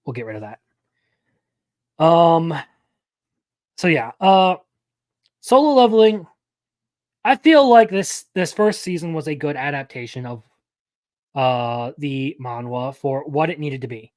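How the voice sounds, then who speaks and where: A man's voice: on the high side, expressive, measured pace, long pauses, a little mellow, no room sound. A young man hosting a live anime news stream, talking casually and rambling, often correcting himself mid-sentence.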